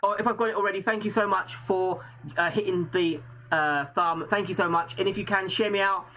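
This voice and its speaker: A man's voice: sits high, steady tone, fairly quick, pushed and bright, rough recording. Earnest rambling English man hosting. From England. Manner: earnest, rambling, many restarts. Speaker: host. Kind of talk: casual live-stream chat.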